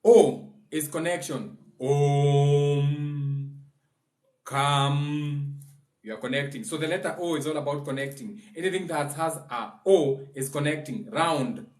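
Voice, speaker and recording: A man with a Kenyan accent, a spiritual teacher giving a casual livestream lesson, explaining in a loose, chatty way and now and then chanting phrases slowly. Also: on the high side, expressive.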